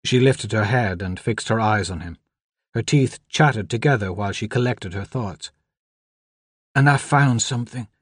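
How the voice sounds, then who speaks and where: A man narrating a novel in a measured, even storytelling manner. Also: fairly low pitch, breathy edge, dry recording, clean studio sound. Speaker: audiobook narrator. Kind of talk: scripted narration.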